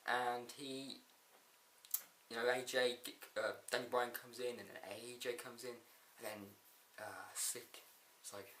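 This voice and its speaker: A man's voice: medium pitch, steady tone, measured pace, fairly bright tone, roomy sound, a little hiss or hum. A man casually reviewing a wrestling show, laughing often and rambling through a recap with quoted lines.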